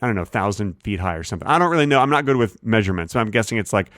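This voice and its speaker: A man's voice: on the low side, racing, no room sound. Podcast guy rambling stories, bouncy voice, dry close mic. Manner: rambling, animated storyteller. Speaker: podcast co-host. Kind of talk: casual chat.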